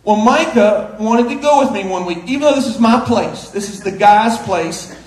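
In a big, echoing hall, a middle-aged pastor delivers a sermon with a funny story, his voice sitting high and animated at a moderate pace. He shifts between hushed asides and shouted punchlines, chuckling as he goes.

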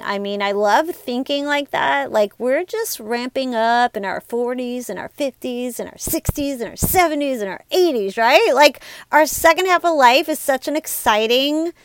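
A woman's voice: a little high, lively intonation, moderate pace, hardly any pauses, smooth, dry recording. Upbeat chatty woman podcast host. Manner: upbeat, chatty, says "you guys" and "like" often. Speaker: podcast host and life coach. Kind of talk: casual motivational podcast talk.

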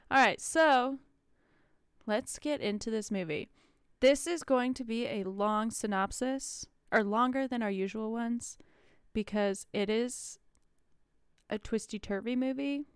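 A woman's voice: a little high, slow pace, clear, resonant tone, no room sound, clean studio sound. A woman co-hosting a casual podcast, recapping a movie with frequent laughs. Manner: laughs often, chatty and relaxed. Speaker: podcast co-host.

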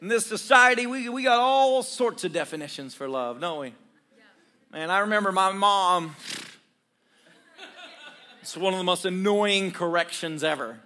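Bright-voiced, fiery male preacher. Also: sits high, moderate pace, pauses often. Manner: fiery preaching, rising to shouts; call-and-response with congregation. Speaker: pastor. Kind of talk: sermon.

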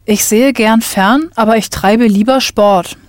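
A woman answering in a scripted language lesson, careful and measured. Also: a little high, dry recording, studio quality. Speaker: language learner.

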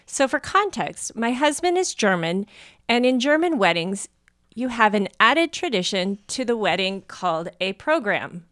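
A woman co-hosting a podcast, reading a listener's story aloud in an animated way and laughing often. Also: medium pitch, unhurried, dry recording, clean studio sound.

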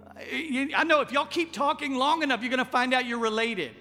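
High, bright-voiced Texan preacher in a reverberant hall. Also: male voice, fairly quick. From Texas. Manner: folksy and joking, with a conversational delivery. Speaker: pastor. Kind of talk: sermon.

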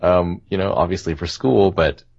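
A man's voice: deep voice, moderate pace, gravelly, darkish tone. A man hosting a casual gaming podcast, rambling and laughing often. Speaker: podcast host. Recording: dull lo-fi podcast audio.

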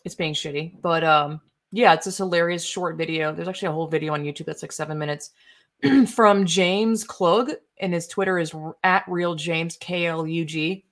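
This political commentary streamer is a young woman with a lowish, slightly bright voice, fairly even intonation, and a normal speaking speed. Browsing online posts, she rants casually and rambles, indignant, swearing, and using lots of fillers.

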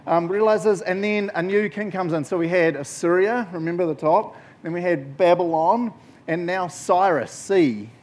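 A man's voice: high-pitched, normal speed. A man giving a casual, jokey Bible talk to a group as a youth preacher. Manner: jokey, conversational, animated storytelling.

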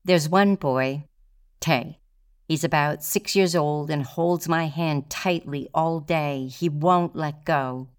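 A woman with a low, smooth, resonant voice tells her own story as a solo performance. She speaks in a measured, deliberate way, letting pauses land. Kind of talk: first-person storytelling performance.

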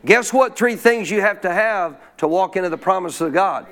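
High-voiced preaching pastor. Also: male voice, lively intonation, moderate pace, fairly bright tone. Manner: call-and-response preaching, asks congregation questions. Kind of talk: sermon. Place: church.

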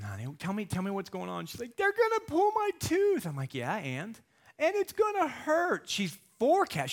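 A man in his thirties or forties preaching a sermon as a guest speaker and coach, telling stories and acting out quotes with lively energy. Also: mid-range voice. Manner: animated storytelling, acting out quotes.

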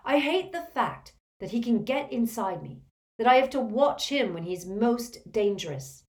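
A woman's voice: on the high side, very animated, unhurried, pitched above the performer's own voice. A woman voicing a tense, stubborn teenage boy wizard who answers defiantly.

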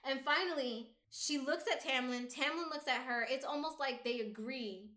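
A young woman retells a book's plot in casual, animated chat full of swearing. Her voice sits high and sounds bright. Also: normal speed, roomy sound. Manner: animated, profane storytelling. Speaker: book discussion co-host.

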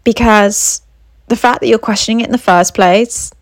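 A woman's voice: on the high side, fairly even intonation, normal speed, dry recording, clean studio sound. A woman, a coach giving earnest advice to camera, repeating her key points and checking in with the listener. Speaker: confidence coach and abuse recovery mentor.

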